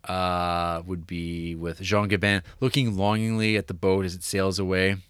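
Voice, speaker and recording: A man's voice: sits low, little pitch movement, moderate pace, a bit bright, smooth, no room sound, clean studio sound. A man co-hosting a podcast, chatting casually about an old film, rambling with many fillers and restarts. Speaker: podcast co-host.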